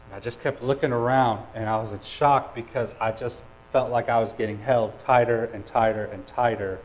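A man preaching a sermon, earnest and personal, with hesitant restarts and swings between loud and soft. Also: mid-range voice, steady tone, normal speed, a little hiss or hum, poor audio. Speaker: pastor.

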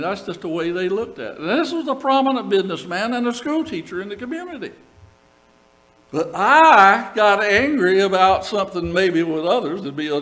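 An older pastor preaches a sermon in a slightly high, somewhat bright voice, captured on a rough recording. He shares stories from his own ministry, reads scripture aloud, and turns to the congregation with quick asides.

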